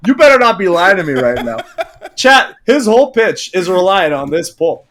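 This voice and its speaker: A man's voice: high-pitched, sing-song, normal speed, a bit bright, a little hiss or hum. A man co-hosting a live stream, laughing and grilling a friend with mock-incredulous questions. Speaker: streamer co-host. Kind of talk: casual stream banter.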